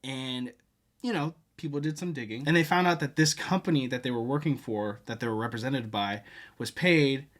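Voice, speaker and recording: A man's voice: medium pitch, moderate pace. Wry man doing casual commentary. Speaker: co-host reacting to clips.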